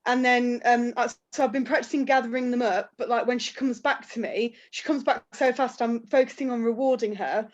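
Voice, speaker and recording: A woman's voice: fairly high pitch, steady tone, fairly quick, hardly any pauses. A woman in an online class, asking a question hesitantly with fillers. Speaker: class participant. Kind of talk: asking a question on a video call. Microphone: video call. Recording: dull lo-fi call audio.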